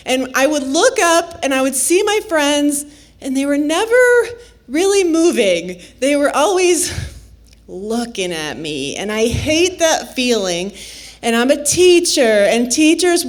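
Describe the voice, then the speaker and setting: Storyteller: woman from Nebraska, playful, laughs a lot, takes her time. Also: sits high. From Nebraska, USA. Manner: unhurried, playful, laughs often. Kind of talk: live personal storytelling.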